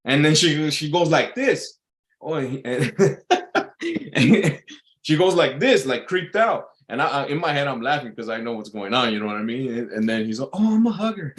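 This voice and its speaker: A man's voice: medium pitch, animated, normal speed, fairly bright tone. A man hosting a show, giving blunt, profane advice in a casual rant, often asking "you know what I mean". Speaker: show host.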